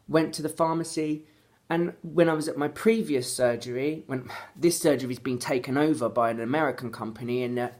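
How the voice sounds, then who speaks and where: A woman's voice: extremely low pitch, darkish tone. A woman from London with a London accent, ranting angrily to camera in a vlog and swearing heavily as she repeats her complaints. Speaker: vlogger. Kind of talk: angry vlog rant.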